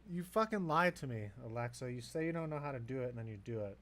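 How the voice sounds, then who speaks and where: A man's voice: mid-range voice, lively intonation, fast, fairly bright tone. A man giving casual, rambling gameplay commentary at his home desk, swearing freely and chatting to his dog. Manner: rambling, profane, talks to himself and his dog. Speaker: gameplay video creator.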